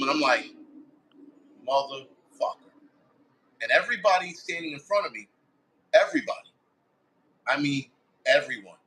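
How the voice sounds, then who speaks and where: A man's voice: fairly high pitch, pushed and bright, a little hiss or hum, rough recording. A man, a firefighter guest, telling a story in a blunt, casual way with heavy swearing, acting out his own quoted thoughts. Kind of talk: casual first-person storytelling.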